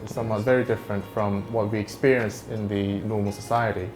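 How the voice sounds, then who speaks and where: A man from New Zealand answering interview questions in a relaxed way, often repeating words as he looks for how to say things. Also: on the low side, fast, soft background music. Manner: hesitant, repeats words while searching for phrasing. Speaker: interview guest.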